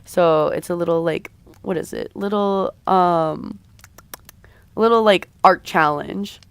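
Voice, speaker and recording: A woman's voice: lowish voice, takes it slowly, smooth, no room sound. A woman streamer with a slightly raw voice, chatting casually with her viewers in a rambling, hesitant way. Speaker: streamer and artist. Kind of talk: casual live-stream chat.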